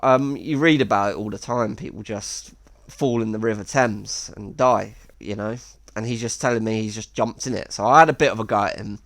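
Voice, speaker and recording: A man's voice: fairly low pitch, normal speed, fairly bright tone, no echo. A man telling a rambling anecdote with wry asides. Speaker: storyteller. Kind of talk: casual anecdote.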